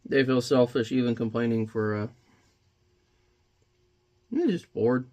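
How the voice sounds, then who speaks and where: A man chatting casually while he paints, rambling between jokes and quiet reflection. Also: medium pitch, measured pace, dull audio. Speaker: painting vlogger.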